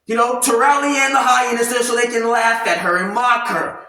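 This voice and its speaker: A man ranting loudly and animatedly in casual commentary, swearing freely. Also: extremely high pitch, moderate pace. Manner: loud, animated, profane ranting. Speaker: commentary vlogger. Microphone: camera mic at a distance, no clip-on mic. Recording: very echoey room, voice far from mic.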